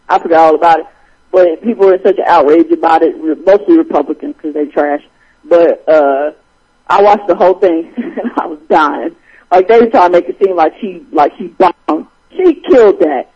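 A man hosting a casual podcast chat, animated and quick to laugh. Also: high-pitched, slightly rough. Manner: animated, laughs often while retelling jokes. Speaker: podcast host. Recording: dull lo-fi recording.

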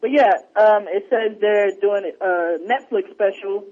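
A man on a podcast in casual chat, telling stories with lots of energy and acting out what people said. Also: a little slow. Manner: animated storyteller, acts out quotes in a higher voice. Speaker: podcast co-host. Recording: dull lo-fi sound.

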